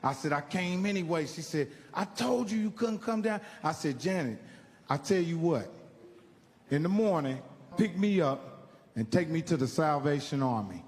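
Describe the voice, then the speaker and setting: A man, originally from Indiana, telling profane, animated stand-up stories and acting out the people in them. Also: a little high, moderate pace, in a large hall. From Indiana, United States. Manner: profane, animated, acts out characters' voices. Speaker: stand-up comedian. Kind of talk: stand-up storytelling.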